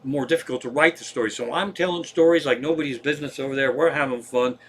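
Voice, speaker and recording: A middle-aged man with a Pennsylvania accent, a comedian telling a profane, animated story on a live stream. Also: mid-range voice, fast talker, a little hiss or hum.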